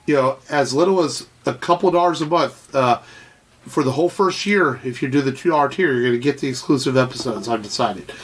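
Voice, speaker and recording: A man co-hosting a podcast in casual, enthusiastic chat, rambling with fillers and swearing, his voice a little nasal from a cold. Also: medium pitch. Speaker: podcast co-host.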